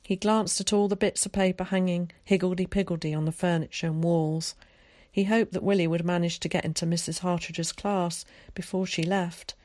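An audiobook narrator, a woman, reads a scripted story calmly and at a measured pace. Her voice is low, and the recording is dry and close, with no room sound at all.

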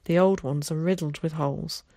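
A woman voicing an excitable, theatrical boy who chatters eagerly. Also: deep voice, normal speed, dry recording, clean studio sound. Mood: chatty.

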